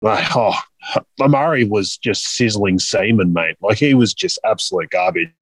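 A man's voice: fairly low pitch, expressive, normal speed, vocal fry, breathy edge, no echo. A man, co-hosting a podcast and bantering crudely about fantasy football. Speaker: podcast co-host. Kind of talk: casual fantasy football chat.

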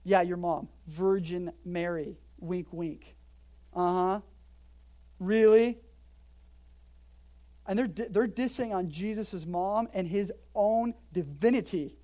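A woman's voice: fairly low pitch, measured pace, few pauses. A woman preaching an expository sermon in a church, talking conversationally and emphatically, with joking asides. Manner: emphatic, lively delivery. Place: church in Hawaii.

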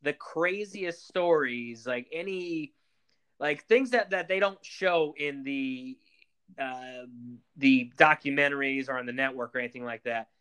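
A man hosting a casual interview, asking questions in a loose, halting way. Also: mid-range voice, a bit bright, clean tone. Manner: loose and halting, lots of fillers while asking. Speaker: podcast host.

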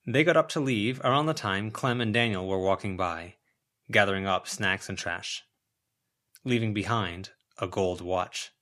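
A man narrating a fan-made audiobook of a web serial in an even, measured way. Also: on the low side. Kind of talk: audiobook reading.

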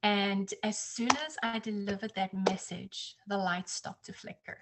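A woman talks through a personal story in a casual interview chat. She is animated, often slipping into higher, louder voices when she quotes others. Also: unhurried. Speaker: psychic reader, guest.

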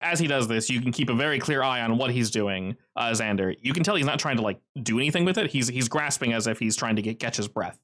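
A man running a tabletop role-playing game, narrating scenes in a steady, descriptive way. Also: medium pitch, fast, few pauses. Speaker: game master.

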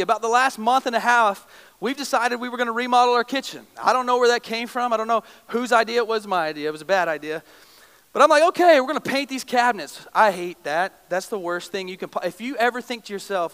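A man's voice: very high-pitched, sharp tone, clear, resonant tone. A young adult male pastor preaching a sermon, emotive and storytelling with self-deprecating humor. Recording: long reverb of a large hall.

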